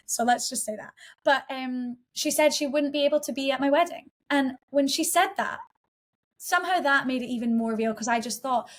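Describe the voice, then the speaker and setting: Earnest higher-voiced woman guest. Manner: earnest, heartfelt, with frequent restarts. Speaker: podcast guest. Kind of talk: emotional personal storytelling.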